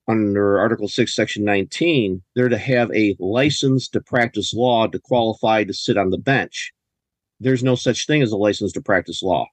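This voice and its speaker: A man's voice: on the low side, no room sound. A man talking as a podcast guest, telling stories in an emphatic, indignant way with many restarts. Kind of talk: casual conversational storytelling. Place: lives in a US state.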